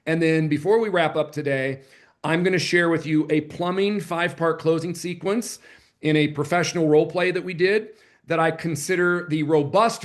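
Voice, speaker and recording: A man running a live online sales training, chatty and energetic, joking about himself as he coaches. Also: fairly high pitch. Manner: energetic, chatty, self-deprecating. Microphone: computer mic on a video call.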